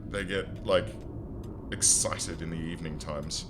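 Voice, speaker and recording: A man's voice: sits low, steady tone, unhurried, over music. A man streaming a strategy game, chatting casually and joking as he talks to his viewers and to his in-game characters. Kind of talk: casual let's-play commentary.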